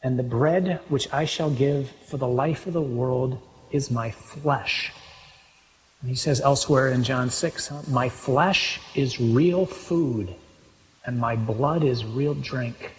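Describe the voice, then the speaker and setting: A man preaching a sermon, reading scripture aloud with animated, rising emphasis. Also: medium pitch, takes it slowly, a little hiss or hum. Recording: long hall reverb.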